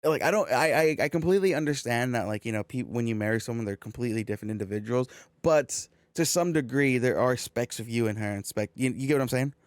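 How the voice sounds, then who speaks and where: A man's voice: medium pitch, quick pace, no echo, studio quality. A young man from California co-hosting a podcast, telling a long story in casual chat with lots of swearing and quoted exchanges. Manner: swearing, animated storytelling with quoted back-and-forth. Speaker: podcast co-host.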